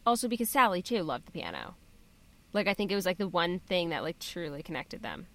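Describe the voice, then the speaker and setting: A woman's voice: lowish voice, very animated, brisk, fairly bright tone. A woman co-hosting a casual book club podcast, frank and outspoken. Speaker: podcast co-host.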